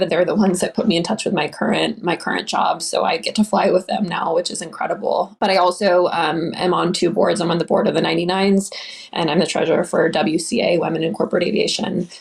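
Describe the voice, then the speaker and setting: A woman's voice: fairly low pitch, gravelly. A young woman pilot giving an earnest, enthusiastic interview answer, often restarting her sentences. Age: young adult.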